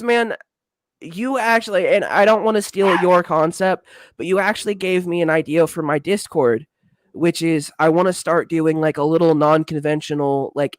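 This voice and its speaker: A man as a guest on a livestream, talking earnestly and haltingly, close to tears, swearing freely. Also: on the high side, no echo. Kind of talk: emotional livestream chat.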